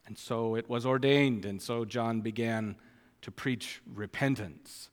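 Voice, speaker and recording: Slow, deliberate male preacher in a hall. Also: medium pitch. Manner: slow, deliberate delivery with emphatic rises on quoted scripture. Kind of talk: sermon. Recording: long reverb of a church hall.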